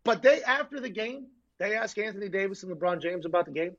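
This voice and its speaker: A man hosting a sports talk show, chatting loosely and telling jokey stories in a loud, excitable way, running on little sleep. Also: sits high, fast, dull audio. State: short on sleep. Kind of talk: casual sports chat.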